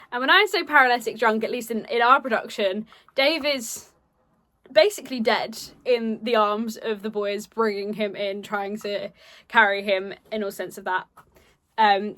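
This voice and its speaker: A young woman, a drama student, casually presenting her project in a chatty way with playful asides and frequent ums. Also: on the high side.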